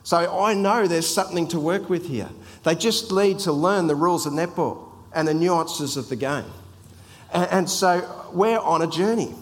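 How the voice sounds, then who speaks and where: A man's voice: fairly high pitch, normal speed. A middle-aged man from a church ministry team, telling a chatty, anecdotal story as part of a sermon. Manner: chatty, anecdotal, repeats words. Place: church hall. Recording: long hall reverb.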